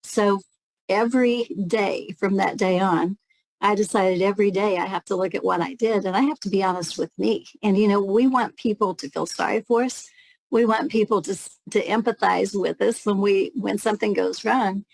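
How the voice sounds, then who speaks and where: A woman's voice: mid-range voice, steady tone, moderate pace, gravelly, a little mellow, no room sound, low-quality recording. A woman telling a candid, reflective story as an interview guest, now and then laughing lightly. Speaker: guest, network marketing leader.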